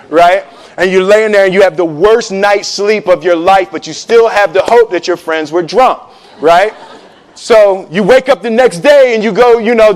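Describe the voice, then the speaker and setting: A man telling a comic story to a live audience, acting out voices and laughing as he goes. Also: high-pitched. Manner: animated, acts out voices, laughs while telling. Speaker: storyteller on stage.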